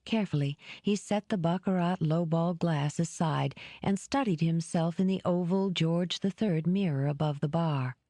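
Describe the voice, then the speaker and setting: A woman narrating an audiobook in a measured, even manner. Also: low-pitched, no echo. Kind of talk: scripted narration.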